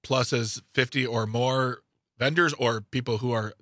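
A man's voice: medium pitch, steady tone, a little slow, fairly bright tone, dry recording. A man co-hosting a radio talk show, joking and sarcastic in casual banter on a studio mic. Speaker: radio co-host.

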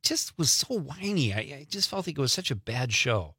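A middle-aged male radio host talking casually in the studio, his voice bright and lively, bouncing all over his pitch. He sounds opinionated and laughs easily, close to a dry microphone. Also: moderate pace, slightly rough, no echo. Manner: animated, opinionated, laughs often. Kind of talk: casual talk radio banter.

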